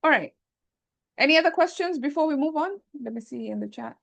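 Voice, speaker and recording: A woman with a fairly high voice teaches grammar over a video call. She explains patiently, thinks out loud and keeps checking that her students have understood. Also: lively intonation, brisk, creaky, dull audio. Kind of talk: online class explanation.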